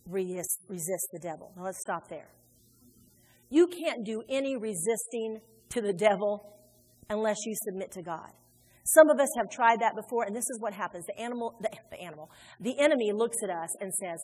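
Animated woman preaching in a reverberant hall. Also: on the high side, slightly rough. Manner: animated, conversational preaching with acted-out quotes. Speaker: pastor. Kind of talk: sermon. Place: large church sanctuary. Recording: reverberant hall with faint music.

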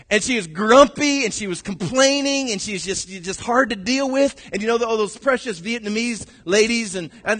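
A middle-aged pastor delivers a sermon in a high, lifted voice. He swings between shouted bursts and quiet, hushed asides. The sound carries the long echo of a large sanctuary. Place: church sanctuary. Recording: long reverb of a large hall.

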